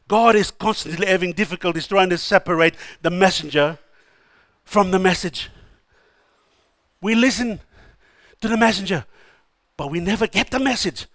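High-pitched, bright-voiced male preacher. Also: dry recording. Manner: emphatic preaching, drops to soft asides then rises to loud exhortation; calls out hallelujah often. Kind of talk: sermon.

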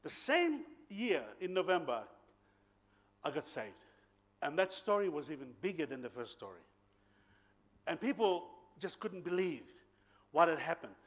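Male preacher, high voice, animated storyteller, laughs a lot. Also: measured pace, long pauses. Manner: animated, laughing storyteller with bursts of loud emphasis. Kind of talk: sermon storytelling.

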